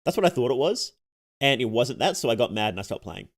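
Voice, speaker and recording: A young male VTuber chats casually with his viewers while playing a game. His pitch moves around a lot. He laughs often, reads messages aloud and trips over his sentences before restarting them. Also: sing-song, fast talker. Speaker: VTuber streamer. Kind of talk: casual live-stream chat.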